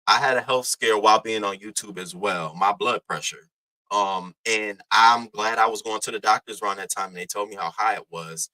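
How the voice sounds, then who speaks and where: Young male commentary streamer, bright, tense tone, profane casual patter. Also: fairly low pitch, rough recording. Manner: loose, profane, slangy, shouts out chatters.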